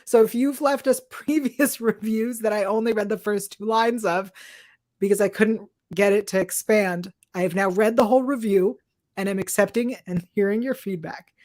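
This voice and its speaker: A woman's voice: medium pitch, fairly even intonation, moderate pace, a little mellow. A woman co-hosting a podcast in casual chat, dry and offhand, with casual swearing. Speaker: podcast co-host.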